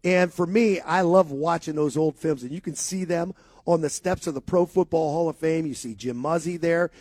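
A man's voice: on the high side, moderate pace, a little mellow, dry recording. Emphatic radio sports talk man.

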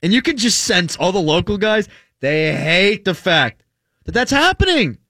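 A man's voice: high voice, animated, a little slow, bright, forceful tone, no room sound, studio quality. Sarcastic ranting sports radio man. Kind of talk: opinionated radio talk.

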